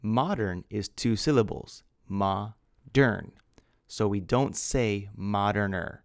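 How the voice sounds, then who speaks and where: A man's voice: on the low side, measured pace, no echo, studio quality. A man teaching English grammar, patiently spelling out words letter by letter. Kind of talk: slow grammar lesson.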